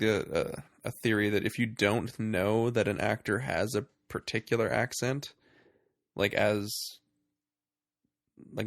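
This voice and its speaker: A man co-hosting a casual movie review podcast, sarcastic and quick to laugh. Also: on the low side, no echo, studio quality. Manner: sarcastic, laughs often, breaks into mocking impressions. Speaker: podcast co-host.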